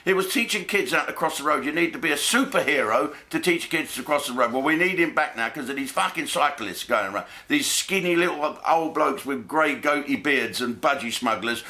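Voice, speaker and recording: A man's voice: on the high side, animated, a little fast, hardly any pauses, sharp tone. A man, doing a blokey, jokey comic monologue full of swearing and asides. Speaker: comedian host.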